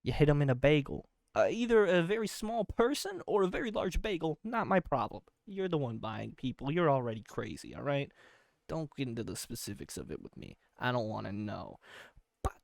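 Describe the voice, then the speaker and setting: A man's voice: medium pitch, very animated, fairly quick, creaky, dry recording. A sleepy man hosting a comedy podcast, spinning an absurd rambling monologue and often repeating himself. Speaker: podcast host.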